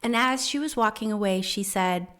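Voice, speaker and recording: Animated woman telling a heartfelt story. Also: mid-range voice, moderate pace. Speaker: host of a spiritual podcast. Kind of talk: casual spiritual talk. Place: home in the Netherlands.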